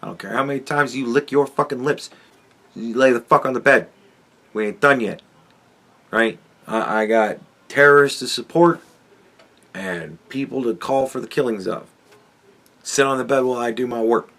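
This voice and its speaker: A man's voice: medium pitch, normal speed, pauses often, fairly bright tone. A man putting on the voice of an irate male streamer who barks orders at his dog. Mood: bossy. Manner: domineering, snapping orders.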